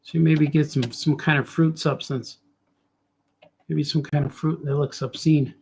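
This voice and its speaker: A fairly high-pitched man with a gravelly, husky voice talks his way through a drawing session. He rambles, jokes and thinks aloud in an easygoing, casual way, narrating each choice as he makes it. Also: steady tone, measured pace, a little mellow. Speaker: cartoonist drawing on a show. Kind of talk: casual commentary while drawing.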